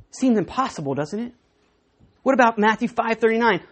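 A woman's voice: on the high side, animated, a little fast, husky. A middle-aged woman preaching a conversational sermon, with self-deprecating asides and stories.

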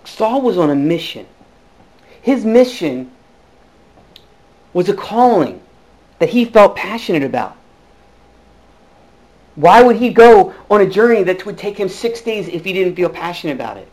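A man preaching a sermon as pastor, earnest, dropping to hushed tones and rising to emphatic bursts. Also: sits high, big pitch swings, unhurried, long pauses, poor audio.

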